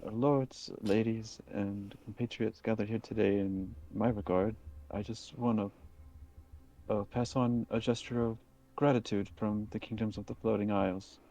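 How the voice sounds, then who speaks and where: A man voicing a female envoy with formal, halting diplomatic words in a tabletop game. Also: fairly low pitch, flat delivery, dark tone, distant mic, low-quality recording. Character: diplomatic young female envoy giving a toast.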